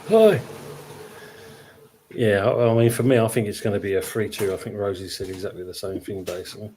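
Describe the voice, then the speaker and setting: Easygoing male host, lowish voice, slight noise under the mic. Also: fast talker. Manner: leads the running order, relaxed and agreeable. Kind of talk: casual chat.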